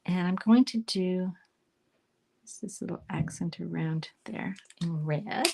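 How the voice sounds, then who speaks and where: A woman from Canada leads a casual live card-making demonstration, chatting and thinking aloud as she colors and often dropping into a soft murmur. She talks slowly in a fairly low voice that is creaky and a bit rough.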